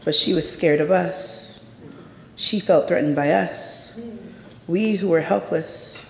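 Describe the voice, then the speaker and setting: A gravelly, fry-laden voice tells a true story live from a stage, intense and measured, dropping to a hush at the quietest beats. The sound carries the long reverb of a large hall and rings around the room. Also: medium pitch, slight background noise. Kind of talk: live spoken-word story performance.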